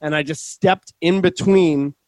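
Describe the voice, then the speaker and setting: A man hosting a podcast, telling a story in a casual chat with lots of swearing and quick restarts. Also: a little high, fairly even intonation, a little mellow, no room sound. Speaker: podcast host. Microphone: remote call setup.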